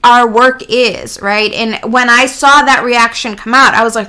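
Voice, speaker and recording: A woman's voice: a little high, steady tone, unhurried, pushed and bright. A woman guest in an interview, candidly telling a personal story in an earnest, reflective way and laughing lightly mid-sentence.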